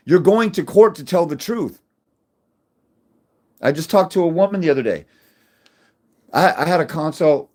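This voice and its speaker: A man's voice: a little high, animated, normal speed, pauses often. Blunt, combative middle-aged man ranting. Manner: combative, crude, many restarts, swings loud when making points. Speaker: fathers' rights advocate. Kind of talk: blunt direct-to-camera rant.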